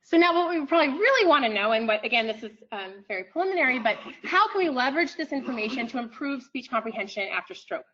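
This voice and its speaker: A woman giving an academic lecture in a room, pausing often with ums and restarting her phrases. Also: high-pitched, sing-song, a bit bright, highs cut off. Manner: frequent ums, thoughtful restarts.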